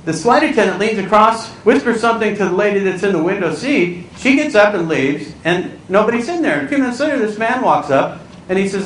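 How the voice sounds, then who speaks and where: A man giving a comic keynote talk to a live audience, telling stories and acting out voices with lively squeals. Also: high-pitched, a little fast. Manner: animated, acts out voices, squeals and cries out for comic effect. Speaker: comedic keynote speaker. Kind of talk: stand-up storytelling to a live audience. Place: large hall with a live audience. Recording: echoey hall recording from a distance, with audible room noise.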